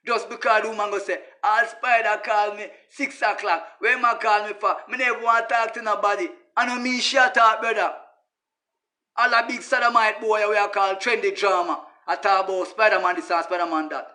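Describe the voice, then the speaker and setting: A Jamaican man with a high, bright voice delivers a casual monologue that rambles and repeats itself. He talks emphatically in patois and keeps turning to his listeners with "you hear that?". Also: steady tone, a little fast. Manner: emphatic, repetitive, addresses listeners as brother. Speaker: social media personality.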